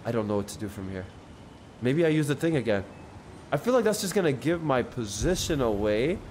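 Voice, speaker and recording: A man streaming a video game, chatting excitedly and joking with his viewers. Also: mid-range voice, fairly quick, slight background noise. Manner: excitable, jokey, talks to chat. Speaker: gaming streamer. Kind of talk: live gameplay commentary. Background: game music.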